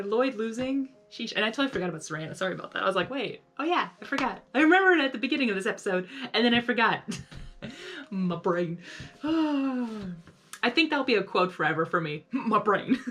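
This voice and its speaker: A woman's voice: medium pitch, a bit bright. A young woman giving casual live reaction commentary, chatty, saying "like" a lot and talking back to the characters. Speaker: reaction video host.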